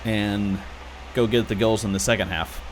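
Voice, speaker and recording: A man in his thirties giving casual, excitable commentary over his own football video game, grumbling when things go wrong. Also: lowish voice, normal speed, crowd noise. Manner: chatty, excitable, grumbling at setbacks. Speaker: gaming YouTuber.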